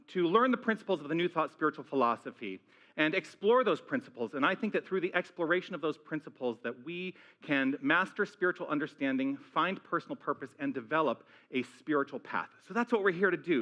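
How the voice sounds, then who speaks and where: A male senior minister with an American accent, giving an excited, high-energy welcome to his congregation, a little out of breath. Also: dull audio. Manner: enthusiastic, high-energy, exclaiming. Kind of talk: energetic church welcome and opening talk. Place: church sanctuary with a congregation.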